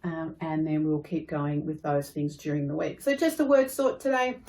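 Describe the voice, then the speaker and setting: A woman's voice: sits low, normal speed, warm tone. A woman with an Australian accent, patiently explaining a spelling lesson to children. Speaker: primary school teacher. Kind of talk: recorded online lesson. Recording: echoey room.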